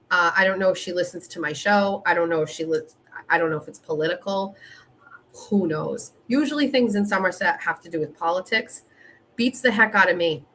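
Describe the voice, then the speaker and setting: A woman's voice: mid-range voice, a little hiss or hum. A middle-aged woman hosting her own show, telling a story in a casual monologue and acting out both sides of a frustrating phone call. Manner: animated, reenacts phone calls, rising frustration. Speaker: show host.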